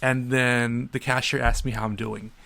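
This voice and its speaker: A man co-hosting a casual podcast, telling animated stories and acting out the people in them. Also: normal speed, gravelly. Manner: animated storyteller, acts out other people in a high voice. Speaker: podcast co-host.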